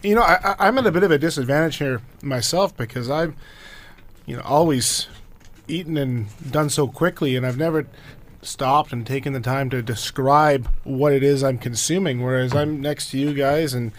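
A man's voice: medium pitch, moderate pace. A man on a radio food panel, joking and self-deprecating while tasting. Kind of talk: casual radio chat.

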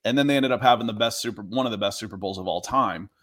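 A man's voice: lowish voice, fast talker, a bit bright. Chatty man on a sports podcast. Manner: chatty, storytelling asides. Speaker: podcast co-host. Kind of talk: casual sports talk. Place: Atlanta.

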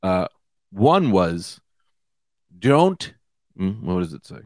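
A man in his thirties hosting his own comedy podcast, high and rambling loosely from one tangent to the next. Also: big pitch swings, takes it slowly, no echo, studio quality. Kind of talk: casual comedic monologue. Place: small room with lights out.

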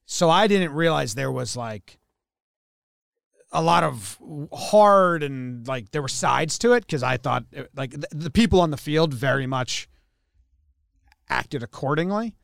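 A man's voice: fairly high pitch, a little slow, gravelly, no room sound, studio quality. A man co-hosting a sports podcast, retelling a story in casual chat and acting out the quotes. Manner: animated storyteller, acts out quotes, swears. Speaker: podcast co-host.

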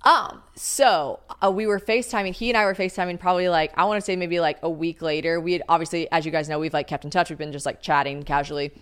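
A woman's voice: on the low side, fairly even intonation, quick pace, hardly any pauses, clean tone. Young woman telling a candid story. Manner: candid, storytelling with acted-out quotes. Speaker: podcast host. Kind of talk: casual chat.

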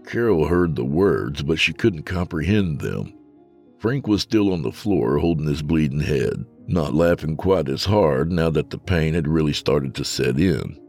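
A man narrating a horror story in a slow, grave manner. His voice is extremely deep and gravelly. Faint music plays behind him. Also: animated, darkish tone.

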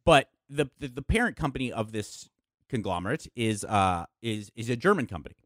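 A man's voice: mid-range voice, animated, fairly quick, dry recording, clean studio sound. A middle-aged man, a podcast guest, telling stories animatedly in casual chat and swearing freely.

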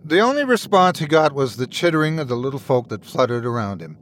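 Man, storyteller, scripted narration, lively melodic delivery. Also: medium pitch, fast, hardly any pauses, slight background noise.

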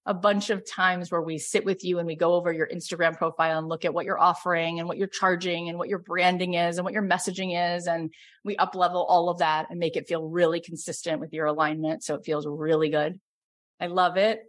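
A middle-aged woman coach hosting a call and pitching her program, effusive and growing loud and emphatic. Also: level tone, brisk.

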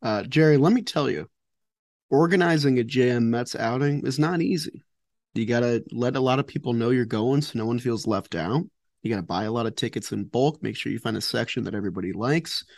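A man's voice: mid-range voice, fairly quick, darkish tone, no echo. A man co-hosting a casual sports podcast, talking easygoing with wry asides. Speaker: podcast co-host.

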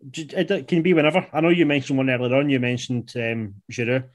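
A man hosting a casual football chat, laid-back and chatty with quick asides. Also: mid-range voice, steady tone. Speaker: podcast host.

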